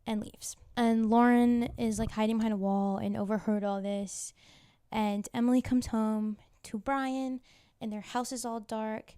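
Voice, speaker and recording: A woman's voice: on the high side, flat delivery, slow pace, warm tone, clean tone. A young woman hosting a casual recap of a TV drama, talking chattily with lots of "like" fillers and side comments. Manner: chatty, full of "like" fillers and asides. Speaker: YouTube recap host.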